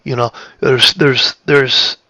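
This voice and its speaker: Guy talking slow about spiritual stuff, kinda gravelly, stops and restarts a lot. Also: mid-range voice, fairly even intonation, pushed and bright, dry recording. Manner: halting, repeats and restarts phrases; plays with tone of voice for emphasis. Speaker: spiritual speaker. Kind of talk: reflective spiritual talk.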